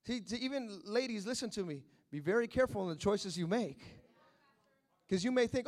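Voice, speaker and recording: High-pitched, lively preaching man. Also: a little fast. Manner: preaching with sudden shouts and acted-out quotes. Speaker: pastor. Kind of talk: sermon.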